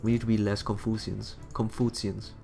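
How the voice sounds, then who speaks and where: A man's voice: on the low side, level tone, moderate pace, gravelly, warm tone, soft background music. A man reading a game story aloud and cracking offhand jokes between lines. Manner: jokey, offhand asides. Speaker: reader voicing a game story. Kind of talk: casual playthrough commentary.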